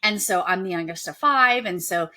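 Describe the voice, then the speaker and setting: A woman's voice: on the low side, normal speed, sharp tone. A woman hosting a podcast from home, chatting casually and animatedly acting out quoted voices. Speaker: podcast host. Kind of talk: casual conversational interview. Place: at home, with children and a dog nearby.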